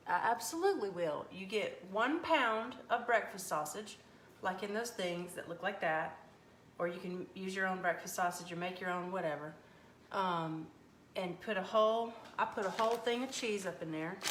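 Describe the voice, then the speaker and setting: A woman hosting a casual live cooking stream from her home kitchen, folksy and animated as she reads viewer comments. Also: medium pitch. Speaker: cooking livestream host. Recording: echoey kitchen with faint background noise.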